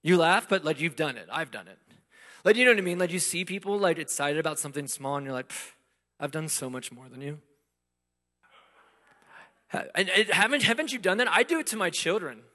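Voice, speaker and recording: A man preaching a sermon in a conversational way, asking rhetorical questions and swinging between loud emphasis and hushed asides. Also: high voice, animated, fast talker. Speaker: pastor. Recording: long hall reverb.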